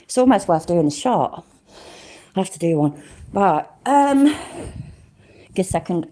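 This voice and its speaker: Hosting a relaxed livestream, this middle-aged Englishwoman speaks unhurriedly in a low, dark, sing-song voice. Sarcastic and sweary, she reads a legal document to her chat and laughs as she ridicules it.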